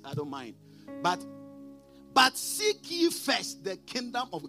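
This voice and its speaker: A man preaching a sermon as pastor, emphatic, calling on the congregation to repeat after him and swinging between loud declarations and quiet asides. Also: high-pitched. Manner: preaching with call-and-response prompts to the congregation.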